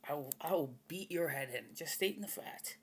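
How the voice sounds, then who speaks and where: A man's voice: a little high, brisk, fairly bright tone, a little hiss or hum. A man talking in a rambling, casual monologue, blunt and profane with a swaggering edge.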